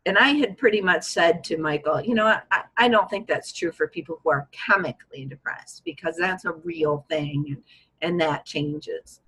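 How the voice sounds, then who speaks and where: A woman with a low, slightly husky voice tells her own story in a relaxed conversation. She sounds candid and reflective, and her pitch jumps up when she replays what she was thinking at the time. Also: normal speed, poor audio. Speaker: guest.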